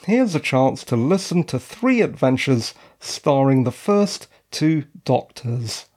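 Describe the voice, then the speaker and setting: A UK man hosts his own solo podcast, talking casually and dropping wry asides. His fairly high voice is a little mellow and cracks slightly at times.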